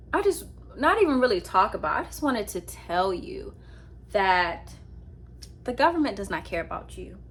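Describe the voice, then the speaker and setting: A young woman vlogging casually from her apartment at night, telling a rambling, animated story to her laptop with many fillers. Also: medium pitch, a little hiss or hum. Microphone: laptop with ring light.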